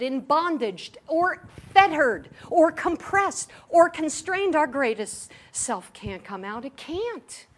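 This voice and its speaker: A woman giving a sermon to a live gathering, emphatic, with rhetorical questions, repetition and jokes between her points. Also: high voice. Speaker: spiritual teacher. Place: meeting room in New York.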